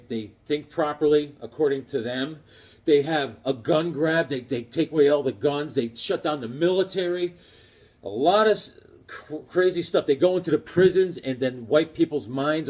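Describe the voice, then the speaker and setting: A man recapping a comic book story in a lively, animated way, slipping into character voices as he goes. His voice sits a bit high for a man, and the talk is loose and casual with restarts. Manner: frequent fillers and restarts.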